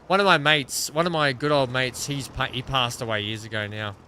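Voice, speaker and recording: A man talks casually through a live gaming stream. He chats with viewers and calls on them by name between tasks. His voice is bright and forceful, with a faint hiss of noise behind it. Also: mid-range voice, a little fast. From Australia. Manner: chatty, greets and questions chat viewers by name.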